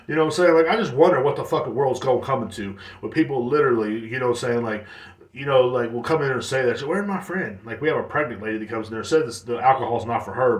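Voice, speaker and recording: A man in the middle of a loose, profanity-laced rant, circling back on himself with constant filler phrases. His pitch sits right in the ordinary middle for a man, and the sound carries the echo of a bare, roomy space. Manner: profane, rambling, heavy fillers. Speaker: podcast host streaming to chat. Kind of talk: casual ranting monologue.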